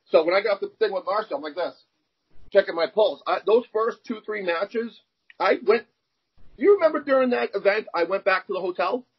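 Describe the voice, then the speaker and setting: A man's voice: high voice, brisk, slightly rough. A young man, an arm wrestler, telling candid personal stories in an interview and acting out the dialogue. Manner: animated, acts out quoted dialogue. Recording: dull lo-fi sound.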